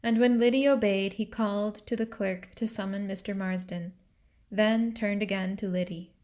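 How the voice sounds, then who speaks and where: A woman narrating a novel excerpt for students in a calm, deliberate reading. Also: medium pitch.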